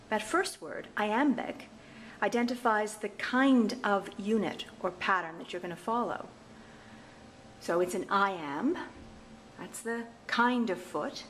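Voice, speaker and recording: A woman's voice: medium pitch, a little hiss or hum. A woman instructor giving a patient recorded lecture, chanting rhythm patterns aloud to explain them. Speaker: literature instructor.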